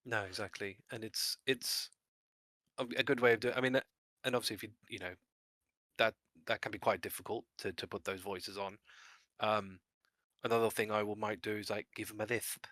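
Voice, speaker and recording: A man's voice: lowish voice, steady tone, brisk, a bit bright, dry recording. A man co-hosting a casual discussion about game mastering, rambling a little with restarts and small laughs.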